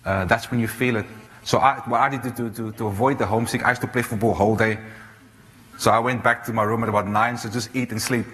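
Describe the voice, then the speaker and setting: A man in his thirties from South Africa, giving an animated storytelling talk on stage, full of restarts and fillers. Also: lowish voice, fast. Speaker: speaker. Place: large auditorium. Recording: reverberant hall, faint noise.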